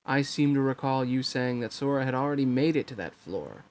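A man's voice: mid-range voice, lively intonation, a little fast, natural voice. A man playing a cold, clinical scientist villain. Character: cold, calculating older male scientist villain.

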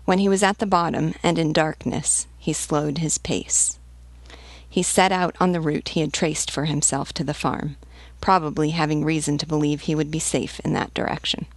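A woman reading a novel aloud as a teacher, in a measured, even storytelling manner. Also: sits low, dry recording.

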